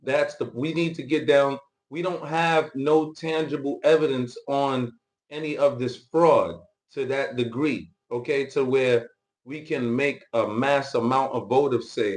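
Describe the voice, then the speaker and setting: A man's voice: mid-range voice, unhurried. A man hosting political commentary, reacting to news clips in loose, slangy casual talk.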